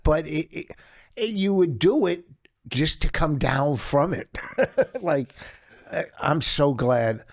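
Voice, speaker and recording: A man's voice: on the high side, lively intonation, slow, gravelly, no room sound. A middle-aged man, a guest comedian, telling anecdotes in casual podcast chat and laughing as he goes. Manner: laughing through comic anecdotes.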